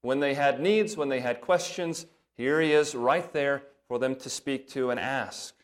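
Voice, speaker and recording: A man preaching from the pulpit, working steadily through a passage of scripture. He reads the verses with lifted emphasis and drops to a softer, lower voice for brief asides. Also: measured pace. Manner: breaks into soft asides in a lower voice. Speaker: pastor. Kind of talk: sermon.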